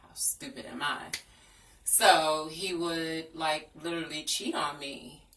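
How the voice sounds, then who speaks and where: A woman's voice: low voice, fairly even intonation, slow, pushed and bright. A young woman telling a personal story in a frank, earnest storytime vlog. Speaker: vlogger. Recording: echoey room, distant from the mic.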